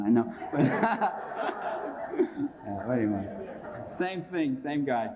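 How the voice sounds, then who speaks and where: A man's voice: medium pitch, big pitch swings, a little slow, noisy background. A middle-aged man giving a public lecture in a combative, emphatic and sarcastic way, recorded on an old tape. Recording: dull lo-fi 1980s lecture tape.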